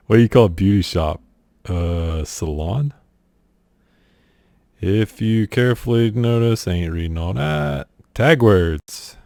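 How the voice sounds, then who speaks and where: Laid-back low-voiced Southern man. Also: slow pace, gravelly, a little mellow, no room sound, clean studio sound. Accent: South Carolina. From South Carolina. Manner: laid-back, offhand, says "y'all" and "ain't". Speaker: streamer doing an accent challenge. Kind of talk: casual vlog reading a list of questions.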